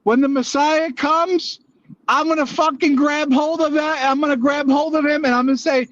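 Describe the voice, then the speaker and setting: A man calling in who rants loudly and profanely, heard through dull lo-fi audio. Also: extremely high pitch, fairly even intonation, normal speed, no echo. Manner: profane, loud ranting. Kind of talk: heated live-stream debate.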